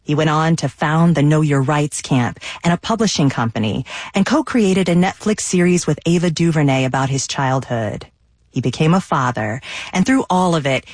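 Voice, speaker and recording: A woman hosting a radio interview, calm and composed at a studio mic. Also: deep voice, no room sound. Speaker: radio host.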